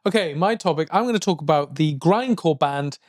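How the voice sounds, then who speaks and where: Guy, pretty high voice, rambly and jokey podcast chat, dry close mic. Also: animated, brisk, a little mellow, dry recording. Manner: rambling, jokey, yelps high in mock vocals. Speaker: podcast co-host. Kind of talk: casual chat.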